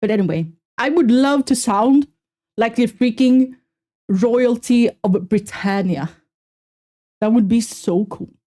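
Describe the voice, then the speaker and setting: A woman streamer chatting casually with her viewers while reacting to a video, animated and self-mocking, with a slight Swedish accent. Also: on the high side, slow. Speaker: VTuber streamer.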